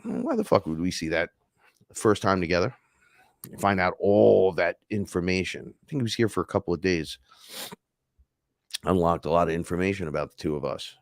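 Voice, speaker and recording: A man's voice: sits low, moderate pace, pauses often, no room sound, clean studio sound. A man hosting a casual livestream, talking in a heated, rambling, profane way. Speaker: podcast host.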